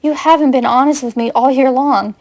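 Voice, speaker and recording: A woman's voice: high-pitched, fairly even intonation, brisk, a little mellow. A woman reading the heated, accusing lines of an angry young witch confronting her boyfriend, as she reads fanfiction aloud.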